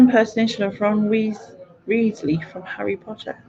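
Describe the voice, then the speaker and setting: A woman's voice: medium pitch, steady tone, moderate pace, mellow. A British woman hosting a casual live quiz stream, chatting with viewers and laughing often. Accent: British English. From Britain. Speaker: quiz host. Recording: dull lo-fi stream audio.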